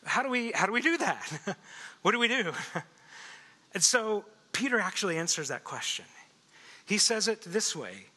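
A man preaching a sermon as pastor, lively, asking the congregation questions and laughing often. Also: high-pitched, a little slow, long pauses, slightly rough. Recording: echoey hall reverb.

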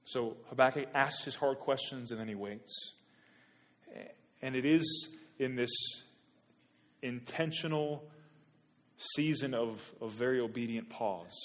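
A man preaching a sermon, moving from quiet reflection to loud, pleading rhetorical questions. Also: mid-range voice, slow, pauses often. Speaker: pastor.

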